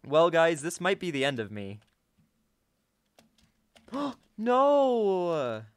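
A young man casually commenting on his own gameplay to viewers, excitable and chatty, often gasping and laughing. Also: on the high side, a little fast, no room sound. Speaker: gaming YouTuber.

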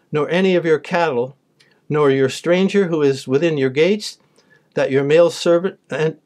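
Man, slightly high voice, sermon, scripture reading, plain explanations. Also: darkish tone. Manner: reads verses aloud then explains them plainly, with some restarts. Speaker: preacher.

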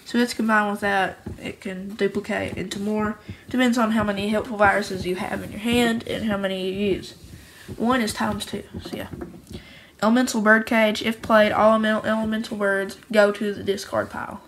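A woman's voice: mid-range voice, little pitch movement, normal speed, slight background noise, rough recording. A woman who makes her own card game, casually and cheerfully going through each card, rambling and often restarting her sentences. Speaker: homemade card game creator.

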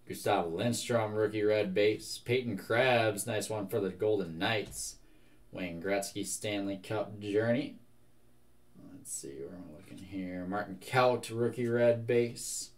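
A young man hosting a live card break, reading out one card after another in a brisk, casual way. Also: lowish voice.

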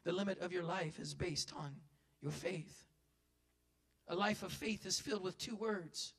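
Man, pastor, fiery folksy sermon, high-pitched. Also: a little slow, creaky. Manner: folksy preaching, building to loud impassioned cries.

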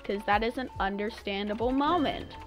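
A woman's voice: medium pitch, moderate pace. A young woman streaming a game, chatting playfully with her viewers, giggling and humming made-up tunes. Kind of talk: casual live-stream chatter while gaming. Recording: faint game music behind.

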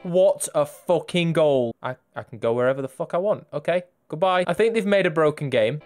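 Sarcastic man, lively pitch. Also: a little fast, soft background music. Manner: crude, sarcastic, swearing jokes. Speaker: gaming YouTuber. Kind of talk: gameplay commentary.

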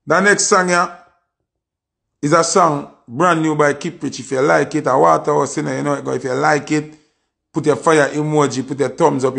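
A Jamaican man hosting a music review livestream, his voice slightly high for a man and full of gravelly fry. He talks in a boastful, emphatic way and keeps hammering the same point home. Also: fairly bright tone. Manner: boastful, emphatic, repeats himself.

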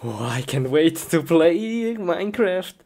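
A woman with a low voice plays through a comedy skit, speaking very slowly and swinging her pitch widely. Her playful exclamations come in simple, broken English. Steady noise hums behind her. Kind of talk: acted comedy skit narration.

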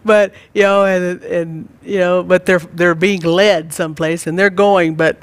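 A man leading a church Bible study, talking gently and rambling with many fillers. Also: high-pitched, steady tone, unhurried, clear, resonant tone, dry recording. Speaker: church teacher.

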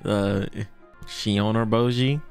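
A young man hosting a casual anime reaction, excitable and slangy, laughing often and breaking into delighted shouts. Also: lowish voice, slow pace, soft background music.

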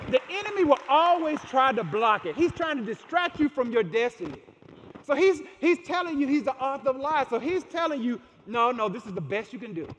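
A man's voice: extremely high pitch, fairly bright tone. A man pastor preaching a sermon in a church, speaking emphatically and repeating key phrases for emphasis. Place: church sanctuary. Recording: long reverb in a large church hall.

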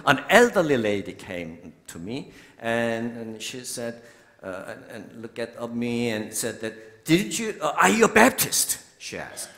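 Korean-accented older man preaching. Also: on the low side. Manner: warm storytelling, laughing often, slow and deliberate. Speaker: bishop. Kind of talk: sermon. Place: large church sanctuary. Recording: long hall reverb from a church.

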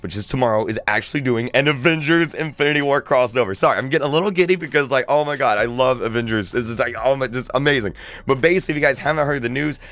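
A man's voice: medium pitch, clean tone. Chatty young man vlogging gaming news. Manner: chatty, excitable, filler-heavy. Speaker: gaming YouTuber. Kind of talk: casual gaming news vlog.

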